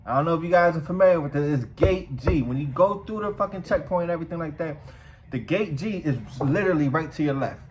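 A man vlogging casually, telling a story in a profane, animated way. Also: fairly high pitch, fast, slight background noise, rough recording.

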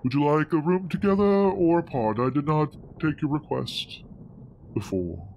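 A man's voice: fairly high pitch, normal speed, gravelly, muffled recording. A man voicing a polite, formal male house servant. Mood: courteous. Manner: courteous, formal.

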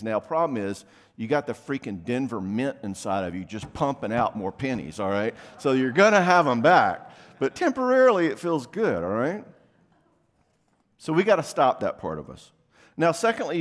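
Male conference speaker, mid pitch, easygoing talk, long hall echo. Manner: conversational, quick asides and acted-out quotes. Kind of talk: casual workshop talk. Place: church venue, live talk.

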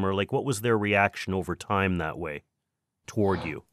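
A man's voice: deep voice, steady tone, moderate pace, clear, resonant tone, no echo, clean studio sound. A man hosting a podcast, asking questions in a casual chat and cracking playful jokes. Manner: playful, jokey interjections. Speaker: podcast host.

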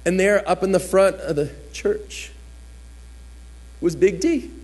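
A man with a high voice tells his own testimony to a church gathering. He tells it as a vivid story, changing his voice to act out what others said. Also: expressive, takes it slowly, a little mellow. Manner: storytelling, acts out quotes with shifting voice. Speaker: guest speaker giving testimony.

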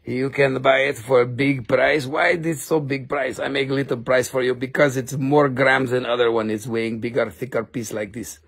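A man's voice: mid-range voice, fairly even intonation, moderate pace, vocal fry, hardly any pauses, fairly bright tone, husky, pitched below the performer's own voice. A man putting on a pushy gem seller who haggles in clipped broken English during a live-stream sale. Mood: hard-selling. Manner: hard-sell patter in clipped broken English. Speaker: host of a live crystal sale. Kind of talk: live-stream sales comedy.

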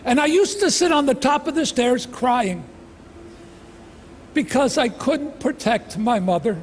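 A man in his sixties giving an emotional personal testimony in a slow, dramatic delivery with heavy pauses, speaking in a large outdoor amphitheatre. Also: very high-pitched, animated, a little hiss or hum. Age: 60s. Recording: long reverb from a large venue, faint ambience.

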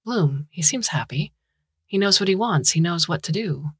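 A woman's voice: on the low side, expressive, normal speed, fairly bright tone, breathy edge, no echo, studio quality, exaggerated voice. A woman voicing a restless man who questions his purpose, speaking earnestly and wistfully. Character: restless, searching man seeking meaning.

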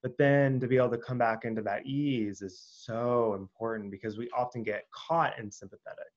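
Guest guy, mid pitch, earnest explainer, muffled lo-fi line. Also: fairly even intonation, normal speed. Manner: earnest and explanatory, with filler words. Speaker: guest, breathwork coach. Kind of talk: casual conversational interview.

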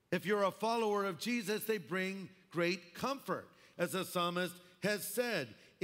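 A man's voice: high voice, a bit bright. A man preaching a sermon as pastor, emphatic with wry asides. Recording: long hall reverb.

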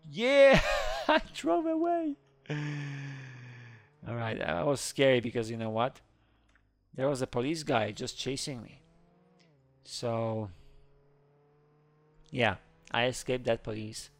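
A man hosting a gaming video, chattering excitedly through live gameplay commentary with small slips in his English. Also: medium pitch, a little slow, creaky, pauses often. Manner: excitable, narrates his own actions, squeals when scared.

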